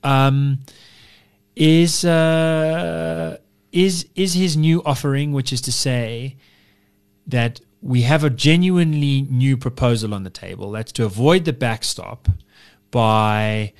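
Male podcast co-host, mid-pitched, discursive and philosophical, long winding arguments. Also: takes it slowly, gravelly, clear, resonant tone. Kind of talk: casual political chat.

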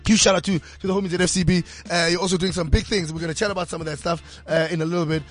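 A man hosting a podcast in a studio, talking in an energetic, slangy, rambling way. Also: high-pitched, rapid-fire, soft background music. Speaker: podcast host. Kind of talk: casual podcast chat. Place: radio studio.

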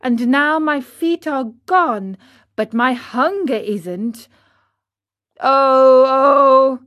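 A woman's voice: high-pitched, expressive, slow pace, fairly bright tone, no room sound, studio quality, exaggerated voice. A woman voicing a hungry, petulant wooden puppet boy in a storybook reading. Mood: wailing. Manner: petulant, whiny.

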